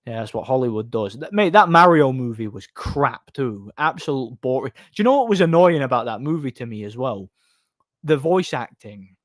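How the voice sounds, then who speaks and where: A man's voice: mid-range voice, expressive, moderate pace, dry recording, clean studio sound. A man streaming live, chatting casually and answering chat in a rambling way, laughing often.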